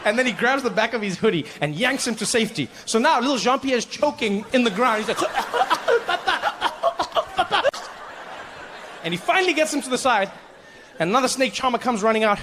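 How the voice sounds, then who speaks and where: A male stand-up comedian with a notably high voice, telling a story with a lot of energy. He jumps in and out of the characters, and a faint hum of noise sits under the stage sound. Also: fast. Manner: animated, acts out every character. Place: comedy stage with laughing audience.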